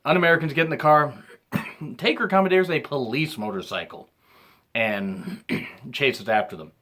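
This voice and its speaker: A man in his thirties giving a rambling casual recap as a reviewer, often clearing his throat and restarting his sentences. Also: mid-range voice, normal speed, bright, forceful tone. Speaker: wrestling reviewer.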